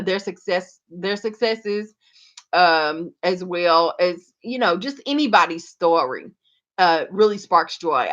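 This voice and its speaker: Lady gardening host, chatty and expressive, kinda muffled stream sound. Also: lowish voice. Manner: animated, addresses viewers as y'all. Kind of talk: casual chat reading viewer comments. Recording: slightly dull lo-fi livestream audio.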